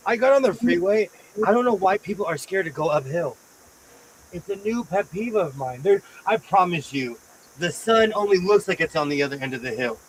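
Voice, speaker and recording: Playful, slightly high-voiced male host. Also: a little fast, slight background noise, low-quality recording. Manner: playful, repeats phrases, animated storytelling. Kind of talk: casual live-stream chat. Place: home sewing room.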